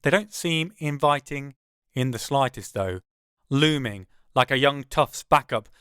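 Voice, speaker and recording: A man's voice: mid-range voice, lively intonation, a little slow, fairly bright tone, smooth, dry recording, studio quality. A man, narrating his own first-person audiobook in a wry, conversational way.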